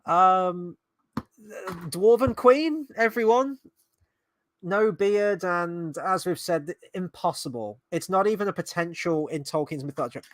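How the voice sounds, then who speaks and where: Man, fairly high voice, sarcastic and exasperated, swears a lot, casual reaction talk, dry close sound. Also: a little slow, no echo. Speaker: fan reaction host.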